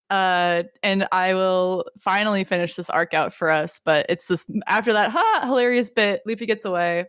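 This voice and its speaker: Animated rambling young woman. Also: medium pitch, moderate pace, few pauses, clean tone, no echo, studio quality. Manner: animated, rambling, lots of fillers. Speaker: podcast co-host. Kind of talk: casual chat.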